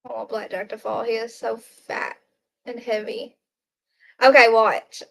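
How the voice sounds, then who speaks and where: A woman's voice: fairly high pitch, level tone, measured pace, creaky, long pauses, fairly bright tone. A woman hosting a casual livestream from home at night, chatting and giggling with her viewers and talking to her pet. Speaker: livestream host. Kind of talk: casual live chat with viewers.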